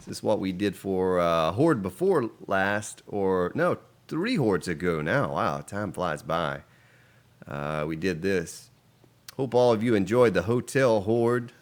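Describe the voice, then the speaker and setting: A man casually commenting on his game during a live stream, chatting with viewers as he plays. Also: low voice. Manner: relaxed and chatty, reading out and answering viewer chat.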